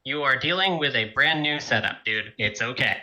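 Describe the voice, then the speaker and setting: Bright, casual man playing a character. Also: mid-range voice, lively intonation, normal speed, low-quality recording. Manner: casual, decisive, taking charge. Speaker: player. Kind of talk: in-character tabletop game talk.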